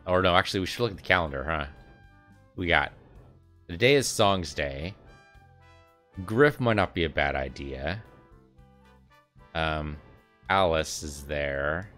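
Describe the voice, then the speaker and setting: A man's voice: rumbling low, animated, measured pace, pauses often, fairly bright tone, faint music behind. A man casually commentating his gameplay, musing aloud and chatting about what to do next. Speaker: let's play host.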